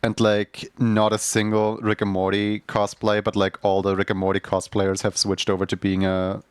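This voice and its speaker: A man's voice: fairly low pitch, monotone, normal speed, clear, resonant tone, no echo. A young man streaming and chatting casually, rambling with lots of fillers. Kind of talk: casual chat.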